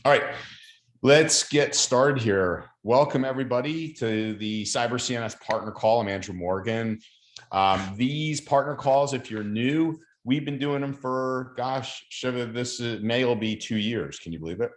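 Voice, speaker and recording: A man's voice: medium pitch, unhurried, echoey room. A man with a Long Island New York accent hosting a partner video call in a friendly, chatty way, with frequent ums and uhs. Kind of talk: casual video call chat.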